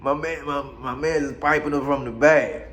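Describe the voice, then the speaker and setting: A man telling a crude, comic story in a casual, animated way. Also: a little high, normal speed. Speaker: podcast host telling a story.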